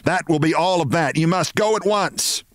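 A man doing a shrill, bossy older woman. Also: big pitch swings, a little slow, no room sound, clean studio sound. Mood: indignant. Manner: shrill, shouting and braying. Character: bossy loud older woman office adviser.

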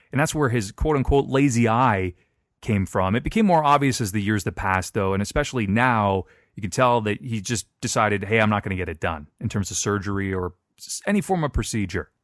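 A man co-hosting a podcast, recapping a wrestling feud in casual chat, telling the story with quick asides and frequent laughs. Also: lowish voice, no room sound, studio quality. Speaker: podcast co-host.

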